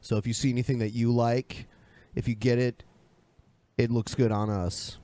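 A man's voice: medium pitch, level tone, normal speed, dark tone, dry recording. A man hosting a podcast, talking loosely with profanity and laughs. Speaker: podcast host. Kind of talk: casual podcast banter.

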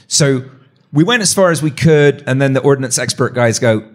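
A man telling a story as a guest on a live talk show, animated, with voiced quotes and frequent restarts. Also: medium pitch, normal speed. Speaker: guest, meteorite hunter. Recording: live audience event.

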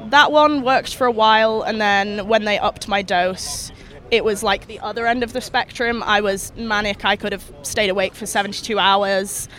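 Brief: young woman, frank and deadpan, street interview, traffic behind. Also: mid-range voice, normal speed. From England. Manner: frank, dry, matter-of-fact. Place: outdoors on a city street.

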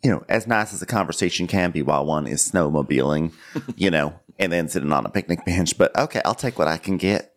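A man co-hosting a podcast, recapping a reality show in a teasing, animated way. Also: deep voice, a little fast. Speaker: podcast co-host. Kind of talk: casual recap chat.

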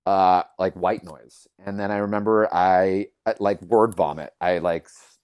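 A man, a yoga teacher, telling his own story in conversation, earnest and animated, acting out the voices he quotes and leaning on lots of fillers. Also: deep voice, a little slow, smooth, dry recording, studio quality.

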